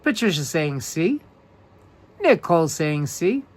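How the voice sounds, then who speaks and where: This live-stream host is a slow-speaking man from New York with a slightly high voice that swings widely in pitch. Running a trivia quiz and reading viewers' answers, he stays upbeat, repeats the questions, and welcomes people by name.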